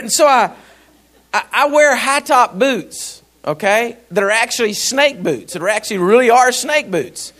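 Preacher man, high voice swinging all over, laughs while telling a story. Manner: animated, laughing storyteller, shouting at peaks. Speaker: pastor. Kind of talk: sermon with personal storytelling.

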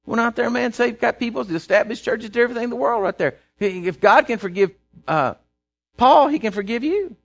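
A man's voice: extremely high pitch, animated, brisk, creaky. A man preaching a sermon, telling a story and building to emphatic, repeated phrases. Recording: dull lo-fi sound.

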